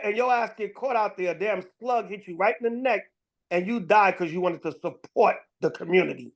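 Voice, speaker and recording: A man's voice: high-pitched, gravelly. A man giving casual religious commentary, rambling and profane, with many fillers and restarts. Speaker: online commentator.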